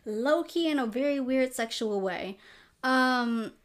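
A woman's voice: high voice, takes it slowly. A young adult woman hosting a podcast, giving a casual, rambling movie review full of "like" fillers. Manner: chatty, rambling, lots of "like" fillers. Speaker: podcast host. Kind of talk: casual film review commentary.

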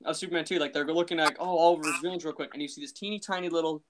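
A man's voice: fairly high pitch, fairly even intonation, very fast, a crowd in the background. A man co-hosting a podcast, talking in a chatty, amused way, full of "like" and restarts. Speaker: podcast co-host. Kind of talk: casual chat.

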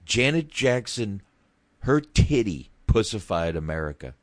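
Co-hosting a podcast, a man chats casually about a movie, rambling, swearing, and laughing often, his throat sore from shouting. His voice is on the low side with big pitch swings, a little slow, with no room sound.

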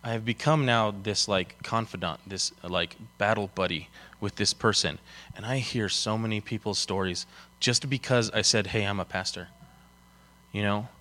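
A man's voice: on the low side, moderate pace, bright, forceful tone. A young man from Colorado, a pastor giving a casual sermon, chatty and full of fillers as he tells stories. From Colorado, USA. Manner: casual and chatty, many fillers, storytelling with acted quotes. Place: church.

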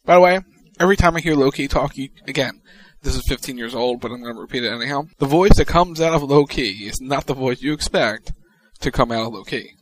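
A man co-hosting a wrestling podcast, talking through upcoming matches in a relaxed, matter-of-fact way. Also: medium pitch, fast. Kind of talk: casual chat.

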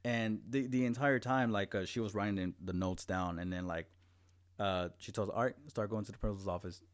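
A man's voice: fairly low pitch, steady tone, fairly quick. A young man telling a long personal story in casual chat, rambling, with heavy swearing and many restarts.

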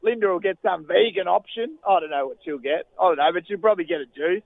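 A man's voice: sits high, fast, vocal fry. Man putting on Gaz, a rambling Aussie bloke on the phone. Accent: Australian. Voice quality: rambling, drawling, trailing off. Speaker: caller. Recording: tinny phone line.

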